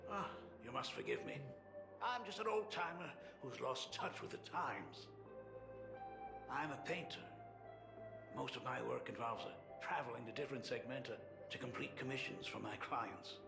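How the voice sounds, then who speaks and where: A man's voice: medium pitch, expressive, moderate pace, gravelly. An actor playing a teasing older male painter who is an estranged father, with a playful, chuckling manner. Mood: jovial. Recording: echoey game audio with loud music.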